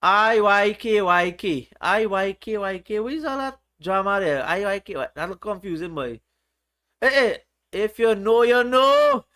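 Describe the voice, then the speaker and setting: A man's voice: high voice, expressive, unhurried, bright, forceful tone. A man hosting a casual livestream, reading viewers' chat aloud in a playful, teasing way. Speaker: livestream host.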